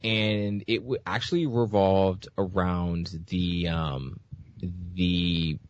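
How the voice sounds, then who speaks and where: Male podcast host, low voice, dry dull lo-fi sound, loose rambling delivery. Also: steady tone, slow. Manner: rambling, many fillers and restarts. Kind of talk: casual gaming news chat.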